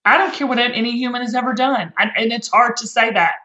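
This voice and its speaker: Earnest folksy woman guest, slightly high voice, dull echoey recording. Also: quick pace, sharp tone. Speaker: podcast guest, author. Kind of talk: heartfelt conversational interview. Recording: echoey room, dull lo-fi sound.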